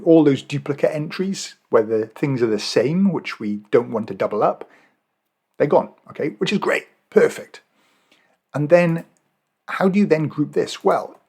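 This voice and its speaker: A man's voice: medium pitch, darkish tone, breathy edge. An Australian man walking viewers through a spreadsheet task in a casual screen-recorded tutorial, thinking aloud with fillers and self-corrections. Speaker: Excel and Power BI trainer.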